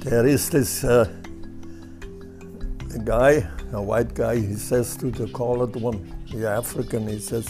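Older man, slow and halting. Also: mid-range voice, steady tone, warm tone, faint music behind. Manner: halting, repeats words while telling jokes. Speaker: father telling jokes. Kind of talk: casual family joke-telling.

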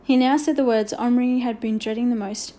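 A woman narrating a children's storybook aloud in a clear, expressive way. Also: a little high, fairly quick.

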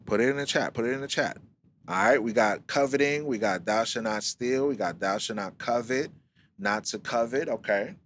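A man leading a live-streamed Bible study, reading scripture slowly, then explaining it in lively slang. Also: medium pitch, slight background noise. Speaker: Bible teacher.

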